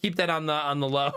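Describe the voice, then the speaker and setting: Animated, bright-voiced man telling stories. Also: fairly high pitch, smooth. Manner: animated storytelling with frequent laughter. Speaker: livestreamer. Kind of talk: casual chat reading viewer comments.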